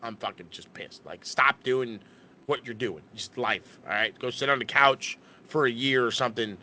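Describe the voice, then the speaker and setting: A man's voice: mid-range voice, moderate pace, sharp tone. A young man co-hosting a wrestling podcast, ranting and swearing a lot and often restarting his sentences. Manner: ranting, profane, lots of restarts. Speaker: podcast co-host. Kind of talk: casual wrestling chat.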